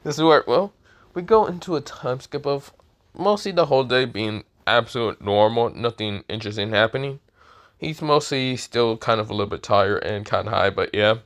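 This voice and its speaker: A man's voice: mid-range voice, moderate pace, a bit bright. Rambling, sleepy man telling a story. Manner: rambling, crude, repeats fillers. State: sleepy, yawning. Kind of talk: improvised story narration.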